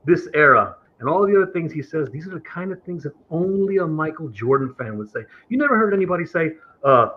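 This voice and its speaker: A man's voice: expressive, fast talker, few pauses. A man calling into a live streamed show, arguing in an aggrieved, lecturing way and mimicking the people he quotes. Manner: aggrieved, lecturing, imitates others in higher voice. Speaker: caller on a streamed talk show. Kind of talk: heated debate on a live stream. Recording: dull lo-fi stream audio.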